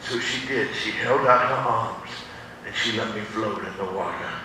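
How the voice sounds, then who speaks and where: A male pastor with a lowish voice tells a first-person story during his sermon at a moderate pace, animatedly acting out the voices of its characters. He's recorded from a distant mic in an echoey sanctuary with faint background noise.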